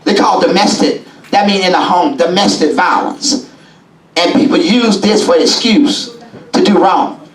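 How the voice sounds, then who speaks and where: A man preaching a sermon as bishop in a church, folksy and call-and-response, rising now and then into shouts. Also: high voice, measured pace. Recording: echoey church from a distance.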